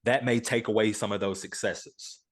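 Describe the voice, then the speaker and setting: A man hosting a podcast interview, explaining his thinking in a reflective, measured way. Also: lowish voice, fairly even intonation.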